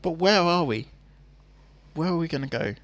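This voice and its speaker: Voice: mid-range voice, lively intonation, normal speed. A co-host of a film podcast, laughing often and trying to keep the talk on track. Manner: exasperated, laughs a lot, tries to steer the talk. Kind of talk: casual chat.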